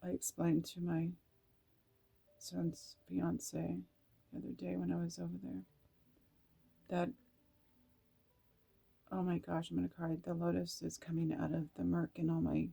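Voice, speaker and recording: A woman's voice: on the low side, completely flat delivery, measured pace, vocal fry, long pauses, mellow, husky. A middle-aged woman giving an emotional tarot card reading, reading card meanings aloud and breaking into laughs and tearful asides. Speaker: tarot reader.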